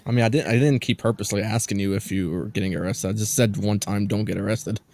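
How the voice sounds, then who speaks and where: A man's voice: on the low side, steady tone, fast talker, darkish tone, slight background noise. A man co-hosting a podcast, chatting casually with dry, teasing remarks. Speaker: podcast co-host. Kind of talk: casual chat.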